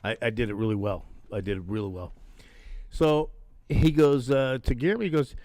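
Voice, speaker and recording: A man's voice: mid-range voice, moderate pace, a little mellow, no room sound, studio quality. An older man, a former actor, telling stories in a casual interview, rambling and profane, acting out other people's lines.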